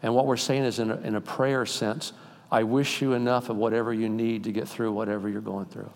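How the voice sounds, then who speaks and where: An older man preaching a sermon as pastor, swinging between loud emphatic peaks and quiet, intimate asides, then leading a prayer in a church sanctuary. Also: fairly low pitch, little pitch movement, fairly quick. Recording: long reverb in a large hall.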